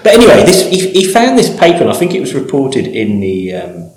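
Playful man, lively voice. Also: mid-range voice, brisk, very echoey, rough recording. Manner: playful, teasing, jokey. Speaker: podcast co-host, scientist. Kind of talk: casual science chat.

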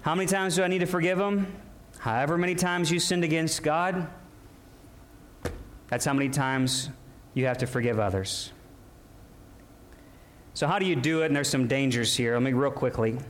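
A man's voice: a little high, normal speed, pauses often. A man pastor preaching a sermon, calling out to the congregation and shifting his emphasis as he goes. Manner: preaching with call-and-response asides and shifting emphasis.

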